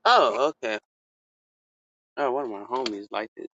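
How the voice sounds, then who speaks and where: A man hosting a casual podcast, telling a story with lots of swearing and sudden loud exclamations. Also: mid-range voice, moderate pace, dull audio, slight background noise. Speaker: podcast host.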